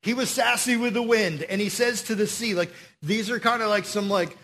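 A man preaching a casual sermon to young people, slangy and animated as he tells the story. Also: high voice, normal speed.

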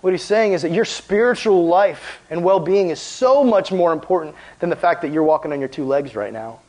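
Animated casual young preacher man. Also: sits high, a little fast, rough recording. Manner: animated, conversational, frequent "like" fillers. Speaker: youth pastor. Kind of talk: casual sermon.

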